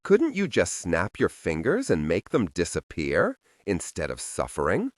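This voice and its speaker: Cast: a man as a wry, curious young woman, soft and hushed at times. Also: low-pitched, wildly swooping pitch, unhurried, no echo, clean studio sound, full character voice. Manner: soft-spoken, turns to whispers.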